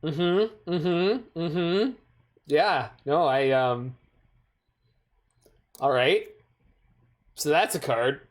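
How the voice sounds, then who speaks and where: Slow, dry-joking card game streamer. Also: medium pitch. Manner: dry, joking asides to chat. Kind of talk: casual gameplay commentary.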